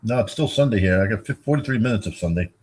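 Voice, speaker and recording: A man's voice: on the low side, expressive, quick pace, darkish tone, husky. A tired older man hosting a rambling, profane late-night livestream, chatting loosely with his viewers and yawning. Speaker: livestream host.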